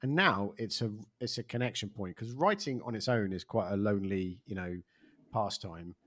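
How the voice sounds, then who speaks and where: A man hosting a relaxed interview with a somewhat low voice. He rambles, restarts his sentences and keeps things conversational. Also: normal speed. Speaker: podcast host. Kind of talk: casual interview chat.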